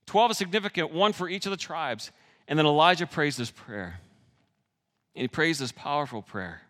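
A man preaching a sermon, animated and joking with the audience, swinging between loud and hushed delivery. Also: fairly high pitch, moderate pace, in a large hall. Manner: jokes with the audience.

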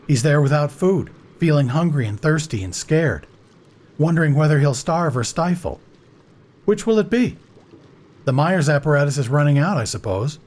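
A man voicing an excitable naval commander on a gunboat, speaking in an animated, dramatic way. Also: fairly high pitch, normal speed, pitched above the performer's own voice. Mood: brooding.

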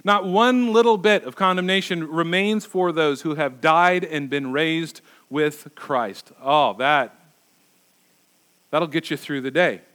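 A man's voice: a little high, takes it slowly, fairly bright tone. A middle-aged male pastor preaching a sermon, emphatic and repeating words for stress.

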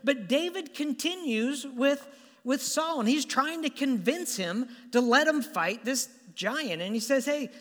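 A man preaching a sermon as animated, conversational storytelling with stammered restarts, in a church hall. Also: very high-pitched, measured pace. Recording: long hall reverb.

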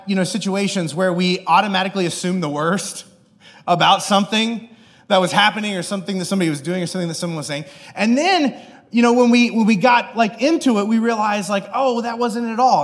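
A man preaching a sermon through an animated, self-deprecating personal story, acting out the people in it. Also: high-pitched, long reverb tail.

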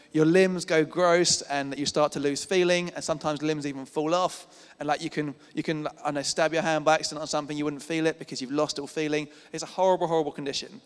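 A man's voice: on the high side, clear, resonant tone. A man preaching a sermon in a casual, conversational way, often repeating words as he builds his points. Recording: church hall reverb.

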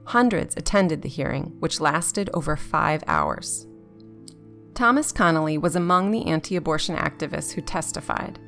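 A woman reading scripted documentary narration in a steady, even way. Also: sits low, moderate pace, creaky, soft background music.

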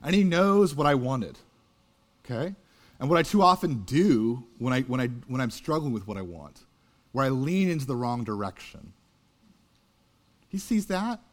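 Earnest animated male preacher. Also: medium pitch, normal speed, pauses often. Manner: earnest, conversational, builds to loud animated peaks. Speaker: pastor. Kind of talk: sermon storytelling.

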